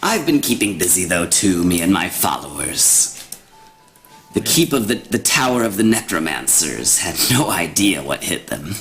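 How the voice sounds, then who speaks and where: A man putting on a wicked old hag who taunts her listener, her pitch leaping up and down as she cackles between threats. She sounds low and sly one moment and shrill the next, and the sound is a storytelling game at the table. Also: very animated, normal speed, fairly bright tone, soft background music, heavily acted, rough recording. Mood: mocking. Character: cruel scheming old female hag.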